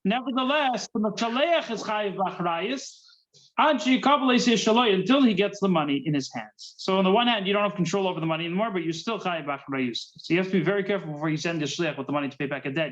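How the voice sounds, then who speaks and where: Male rabbi teaching a Talmud class; high-pitched voice, slightly muffled recording. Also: fast, a bit bright. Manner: mixes Hebrew-Yiddish terms into English, repeats words while thinking.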